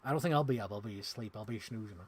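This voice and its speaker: A man chatting casually on a live stream while unboxing toys, rambling and excitable with lots of "like.". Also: lowish voice, rapid-fire, slight background noise. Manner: rambling, excitable, heavy use of "like". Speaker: toy collector streamer.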